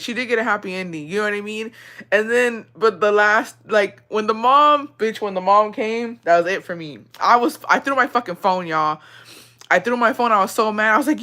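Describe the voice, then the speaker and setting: A young woman talks straight to her viewers in a loose, rambling, casual chat. She swears freely and gets emotional, circling back to the same points as she goes. Her pitch sits right in the middle. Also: normal speed, sharp tone. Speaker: vlogger.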